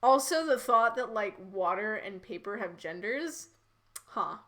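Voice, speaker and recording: A woman's voice: mid-range voice, lively intonation, measured pace, pushed and bright. A woman streamer reading fan fiction aloud and commenting in a rambling, giggly, incredulous way. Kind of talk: live-read with commentary.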